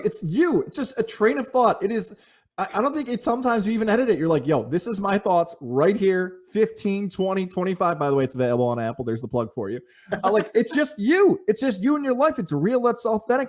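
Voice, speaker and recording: A man's voice: sits high, sing-song, fast. A man hosting a podcast, chatting casually and enthusiastically, laughing often. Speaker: podcast host. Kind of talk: casual chat.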